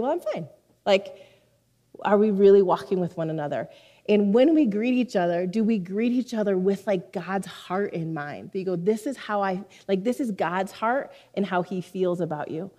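Speaking with a dark tone at medium pitch, a woman pastor delivers a heartfelt, conversational sermon to her congregation, frequently stepping into asides. At one point she comes near tears.

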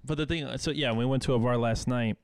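A man's voice: medium pitch, fast talker, clean tone, no echo. A young man from the American Midwest, co-hosting a podcast, telling a bar story in casual chat with laughter and swearing. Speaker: podcast co-host.

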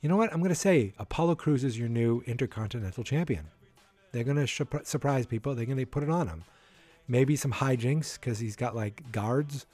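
A man talking through his predictions on a casual solo podcast, his voice mellow and a little husky. He rambles, stops to correct himself and thinks out loud. Faint music plays behind him. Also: medium pitch, lively intonation, fairly quick. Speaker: wrestling podcast host.

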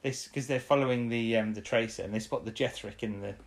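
A woman's voice: extremely low pitch, fairly quick. A woman co-hosting a podcast, casually recapping an episode, rambling and laughing often. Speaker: podcast co-host.

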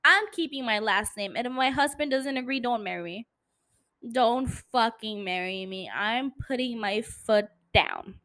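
A tipsy woman with a non-native English accent, hosting a podcast in a blunt, profane, animated casual monologue. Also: a little high, a little slow. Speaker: podcast host.

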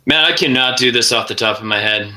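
A man from Canada co-hosting a podcast in casual chat, giggly and animated. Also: medium pitch, fast, low-quality recording. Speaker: podcast co-host.

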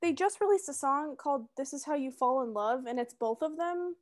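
High-voiced young woman chatting casually. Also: expressive, fairly quick. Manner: chatty, filler-heavy, insistent. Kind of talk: casual chat.

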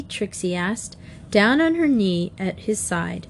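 A woman reading a children's mystery story aloud in a measured, clear narrating voice. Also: mid-range voice, very animated, a little hiss or hum. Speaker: audiobook reader.

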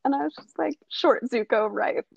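High, gravelly young woman on a lo-fi call. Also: moderate pace. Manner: teasing, chatty, laughing. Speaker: podcast co-host. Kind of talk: casual podcast chat. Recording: dull lo-fi call audio with faint hiss.

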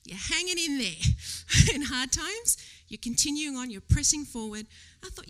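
A woman giving a casual church sermon. She tells a personal story in a chatty, animated way, laughs often and drops to a whisper for quoted thoughts. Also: sits high, measured pace, hardly any pauses. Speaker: lay preacher. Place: church service before a congregation.

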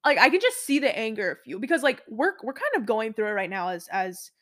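A woman's voice: fairly high pitch, very animated, brisk, a bit bright. A woman in her twenties chatting casually with a friend, rambling through stories with lots of "like" fillers. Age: 20s. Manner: chatty, full of "like" fillers, quoting others. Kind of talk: casual chat.

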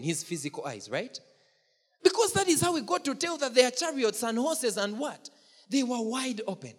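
Lively preacher, husky voice. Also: medium pitch. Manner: animated, asks the congregation questions, jokes and laughs. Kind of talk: sermon. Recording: long church-hall reverb.

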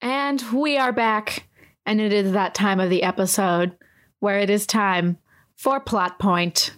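Relaxed, playful woman co-host. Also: mid-range voice, slow pace. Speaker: podcast co-host. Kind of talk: casual podcast chat.

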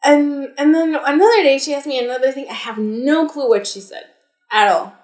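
Young woman rambling through a story on a podcast, kinda high voice, roomy echo. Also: moderate pace, a little mellow. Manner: chatty storytelling with fillers and restarts. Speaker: podcast co-host. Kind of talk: casual chat. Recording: echoey room.

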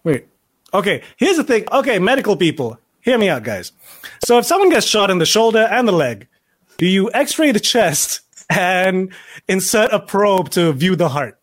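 A man's voice: high voice, sing-song, moderate pace. A man in a casual watch-along chat, joking and swearing freely as he riffs on a show.

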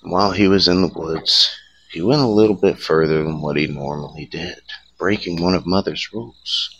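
Low bright-voiced man telling campfire tales. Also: normal speed, lo-fi sound. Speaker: host. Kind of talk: campfire storytelling chat.

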